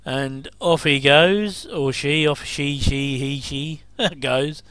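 A man's voice: a little high, slow, a bit bright, smooth, dry recording. A man giving a casual, rambling commentary over an old TV episode, with frequent chuckling asides.

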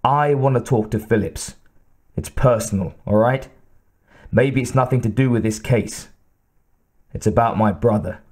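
A man's voice: medium pitch, a little slow, long pauses, natural voice. Man doing a tough blunt homicide detective. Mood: grim. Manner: blunt, calmly menacing.

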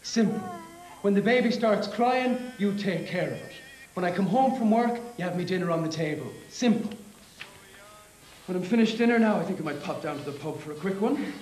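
An actor with an Irish accent playing a bossy, indignant 1950s Irish husband in a comedy sketch, scolding and lecturing. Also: male voice, high-pitched, animated, brisk, darkish tone, echoey room, a little hiss or hum, rough recording. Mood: blustering.

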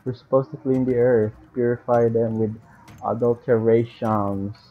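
A man's voice: medium pitch, flat delivery, measured pace. A man rambling and swearing to himself while playing a game. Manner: rambling, profane, talks to himself in mixed languages. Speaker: gamer vlogger. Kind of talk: rambling gameplay commentary. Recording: lo-fi phone-like sound with faint noise.

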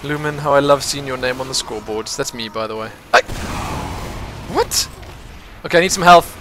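Excitable gamer man, lively voice. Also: mid-range voice, moderate pace. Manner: excitable, chatty, laughs often, talks to teammates. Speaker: gamer commentating his own match. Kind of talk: casual gameplay commentary. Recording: noisy game audio under the voice.

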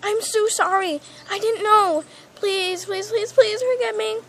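A woman voicing an excitable female plush pet toy who panics easily, with dramatic shrieks and pleading, in a toy role-play video. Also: very high-pitched, measured pace, gravelly, a little hiss or hum, heavily acted.

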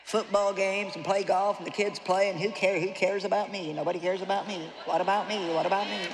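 A woman's voice: mid-range voice, steady tone, a little fast, very noisy, close to an everyday voice. A woman preacher playing a whiny, self-pitying housewife who moans that nobody cares about her. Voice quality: whining, complaining. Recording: echoey hall, faint ambience.

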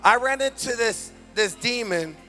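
A man preaching a fervent deliverance sermon as pastor at a church service, shouting commands. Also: very high-pitched, animated, unhurried, faint music behind.

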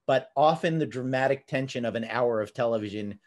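A middle-aged man with a New Jersey accent hosts a relaxed podcast conversation. His voice sits at an ordinary middle pitch. He rambles a little and drops into wry asides. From New Jersey, USA. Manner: chatty, jokey, slips into quick impressions. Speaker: podcast host. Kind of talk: casual conversation.

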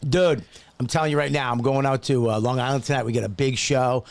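A man's voice: medium pitch, fairly even intonation, a little fast. A man co-hosting a podcast, ranting in exasperated casual banter and repeating himself. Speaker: podcast co-host.

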